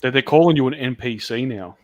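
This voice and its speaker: A man hosting a casual livestream chat, easygoing and animated when he retells a story. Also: mid-range voice, brisk. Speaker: host.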